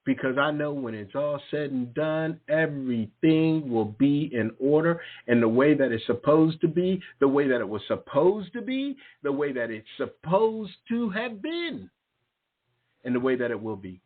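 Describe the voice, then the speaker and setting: A man's voice: fairly high pitch, sing-song, moderate pace. A male talk show host giving a fiery, mocking monologue and repeating phrases for emphasis. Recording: tinny phone-like sound.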